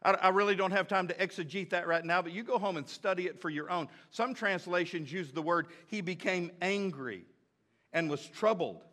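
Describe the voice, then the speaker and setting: A pastor with a bright, high-pitched voice delivers a sermon. He hammers key phrases through repetition and drops from strong emphasis to near-hushed tones. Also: moderate pace. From United States. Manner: emphatic preaching with big swings from loud to hushed.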